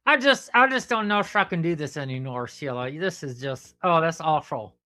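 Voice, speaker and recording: A man's voice: fairly high pitch, animated, normal speed, bright, forceful tone. A man co-hosting a casual comedy podcast, teasing his co-host and acting exasperated at her jokes. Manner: teasing, mock-exasperated, keeps repeating her name.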